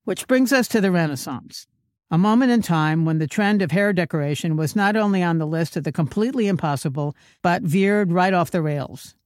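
A woman delivering scripted comedic narration with wry, sarcastic, deadpan asides. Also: fairly low pitch, fairly quick, no room sound, clean studio sound. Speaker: comedic host.

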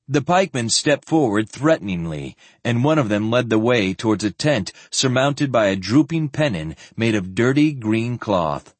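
A man narrating an audiobook in an expressive reading style. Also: medium pitch, moderate pace, few pauses, dry recording. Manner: expressive reading, shifting voices for characters. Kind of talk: scripted narration.

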